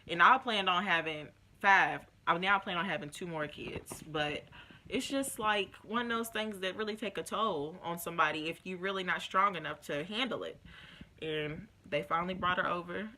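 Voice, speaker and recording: A woman's voice: fairly low pitch, moderate pace, slight background noise. A young woman vlogger telling a personal story in a casual, emotional way, acting out what others said. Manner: emotional, animated retelling with quoted voices.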